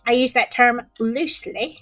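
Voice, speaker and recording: A woman's voice: fairly high pitch, moderate pace, sharp tone, dry recording, soft background music. A middle-aged woman with a Southern American accent, chatting expressively on a podcast and laughing often. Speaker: podcast co-host. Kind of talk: casual podcast chat.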